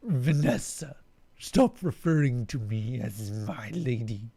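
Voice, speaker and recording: A man voicing a towering male cat-lizard alien who speaks in a guttural, heavy, slow and weary way. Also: medium pitch, expressive, vocal fry, warm tone, husky, heavily acted. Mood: growling.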